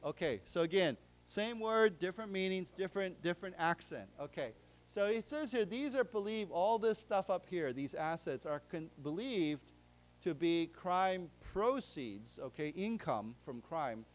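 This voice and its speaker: An American man giving a live English lesson in a library lecture room, explaining words slowly with many fillers and restarts. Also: high-pitched, animated. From United States. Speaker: English teacher.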